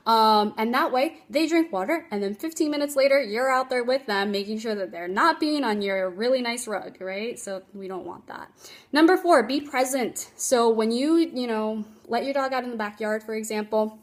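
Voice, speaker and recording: A woman's voice: on the high side, moderate pace. A woman dog trainer giving casual tips on a phone livestream, chatty and emphatic, laughing often.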